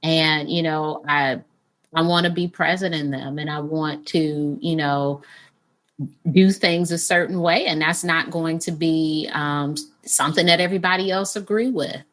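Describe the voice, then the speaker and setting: A woman's voice: low-pitched, steady tone, unhurried, fairly bright tone. A woman author speaking as an interview guest, candid and earnest, with emphatic phrasing.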